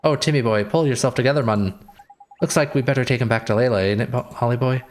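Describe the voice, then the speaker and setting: A man's voice: medium pitch, quick pace, faint music behind, close to an everyday voice. Brief: brash, cheeky fairy sidekick from a game, done by a man reading the lines. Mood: blustering. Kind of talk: reading game dialogue aloud.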